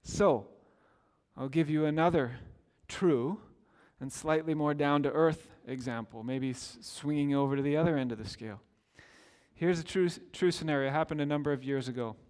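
High-voiced man preaching in a hall. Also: moderate pace, a little mellow. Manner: storytelling, conversational with acted quotes. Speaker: pastor. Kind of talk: sermon.

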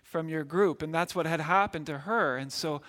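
At a moderate pace, a man from Milwaukee in the United States delivers a storytelling sermon as a pastor, earnest and conversational, with plenty of repeated words. His pitch is fairly high and a bit bright, heard through long hall reverb.

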